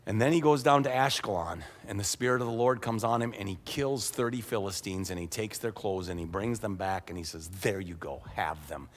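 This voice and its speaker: A man's voice: fairly low pitch, brisk, hardly any pauses. A man preaching a sermon as pastor, retelling a story in a humorous, conversational way. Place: church sanctuary. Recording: echoey church hall.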